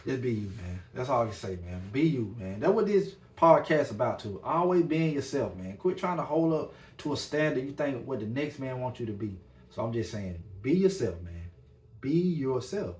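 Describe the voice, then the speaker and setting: A man's voice: medium pitch, sing-song, normal speed, a little mellow. Male podcast host, easygoing rambling delivery, echoey room. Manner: laid-back, repeats "man" at line ends. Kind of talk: casual monologue.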